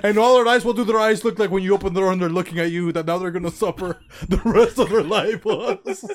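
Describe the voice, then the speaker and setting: A man's voice: high-pitched, fast. A man hosting a comedy podcast, telling a crude rambling story and laughing through his lines. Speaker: podcast host.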